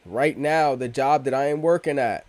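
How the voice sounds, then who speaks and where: A man's voice: mid-range voice, moderate pace, darkish tone, dry recording. Rambling, slangy male vlogger. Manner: rambling, profane, self-interrupting with slang. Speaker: crypto video host. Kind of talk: casual rambling vlog talk.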